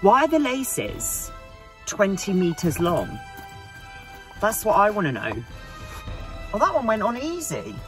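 A man's voice: sits high, huge pitch swings, unhurried, pauses often, over music. A young man vlogging in a camp, sarcastic, jokey way. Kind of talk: casual comedic vlog.

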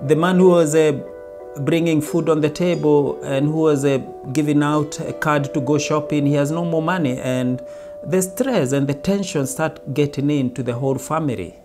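Guy doing a self-help talk like a story, slightly high voice, acts out little lines, music playing behind. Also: moderate pace. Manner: storytelling, briefly acting out everyday lines. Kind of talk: motivational monologue.

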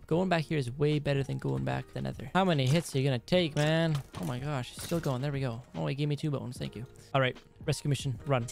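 A man hosting a let's play, talking through his game, swinging from frustrated yelling to quiet muttering. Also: on the high side, fast, creaky, soft background music. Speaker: gaming channel host. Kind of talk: let's play gameplay commentary. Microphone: headset or desk mic.

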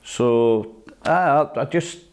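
An older Scottish former footballer telling stories from his career in a relaxed interview, acting out old exchanges and laughing at himself. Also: medium pitch, slow pace. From Scotland. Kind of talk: casual reminiscing interview.

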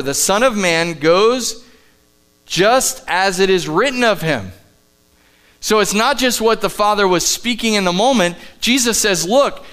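A man delivers a live church sermon as pastor, his voice smooth and a touch higher than most men's. He preaches with emphasis, then drops to soft, quiet asides. A faint electrical hum sits under the recording. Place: church sanctuary, live service.

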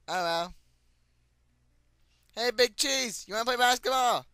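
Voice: medium pitch, normal speed, pauses often, bright, forceful tone, dry recording. A playful gamer giving casual commentary and chatting goofily with characters in the game. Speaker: gameplay commentator.

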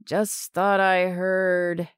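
A woman voicing an older father who speaks haltingly and trails off. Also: lowish voice, level tone, clean tone, dry recording, studio quality. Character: older father, confused and faltering.

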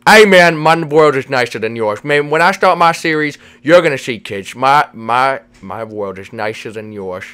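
A man's voice: medium pitch, expressive, normal speed, hardly any pauses, sharp tone, clean tone. A man voicing a laid-back Lego figure in a Minecraft role-play, ending lines with "man". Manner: drawling, says "man" every line.

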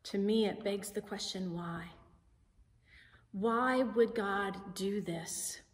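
Slow, deliberate woman preaching in a church. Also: mid-range voice. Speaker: pastor. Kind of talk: sermon. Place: church sanctuary. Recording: sanctuary with long reverb.

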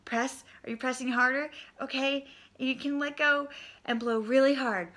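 A woman leading a toddler story time, reading an interactive book aloud and singing simple songs while coaxing the children to join in. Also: high voice. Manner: bright, slow and animated, singing and coaxing small children. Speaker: children's librarian.

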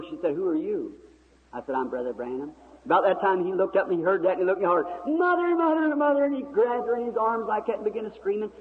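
A man preaching a sermon, telling a story in a folksy, vivid way and acting out the dialogue. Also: high-pitched. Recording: tinny old recording in a reverberant hall, faint hiss.

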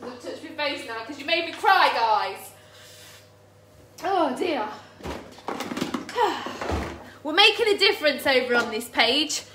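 A woman hosting a chatty live cooking stream from her home kitchen, bubbly and excitable. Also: high voice, very noisy. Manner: bubbly, excitable, quick to laugh and tear up. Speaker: cooking livestream host.

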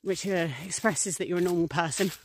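A woman's voice: on the low side, steady tone, a little fast, slight background noise. A woman from England talking casually to camera as a vlogger, chatty and rambling, with many fillers and small acted-out scenes. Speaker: priestess and vlogger.

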